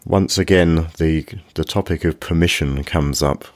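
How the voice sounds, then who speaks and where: Very deep-voiced podcast interviewer. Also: dry recording. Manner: measured, reflective, brief affirming murmurs. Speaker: podcast host.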